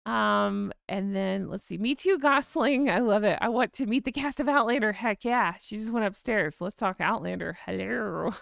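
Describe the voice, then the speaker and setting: A woman's voice: mid-range voice, moderate pace, gravelly, few pauses, a bit bright, no room sound, studio quality. A woman hosting a casual livestream chat, bubbly and reading comments aloud. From United States. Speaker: livestream host.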